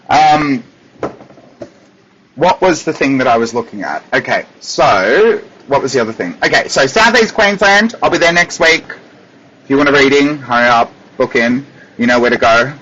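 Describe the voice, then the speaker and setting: An Australian man, a psychic medium, chatting casually with viewers on a livestream from his desk, animated and laughing often. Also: medium pitch, breathy edge. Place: at a desk at home. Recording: dull lo-fi livestream audio.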